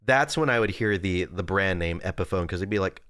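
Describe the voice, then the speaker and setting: A man's voice: low voice, brisk, few pauses, fairly bright tone, no room sound, studio quality. A young man streamer in rambling, jokey casual chat with his viewers at a desk indoors.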